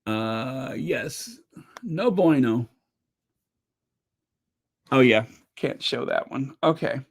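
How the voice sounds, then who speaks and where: A woman from a Caribbean island hosting a casual livestream, chatty and excitable as she thanks her viewers. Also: extremely low pitch, drawn-out words, breathy edge. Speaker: livestream host.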